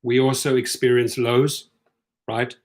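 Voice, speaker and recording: A man talking straight to his viewers on a casual live stream. He is emphatic and repeats himself for effect. His voice climbs sharply when he is worked up and drops low and quiet when he consoles someone. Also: level tone, a little slow. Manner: repeats phrases and addresses viewers directly. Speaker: rideshare channel host. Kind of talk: casual livestream talk.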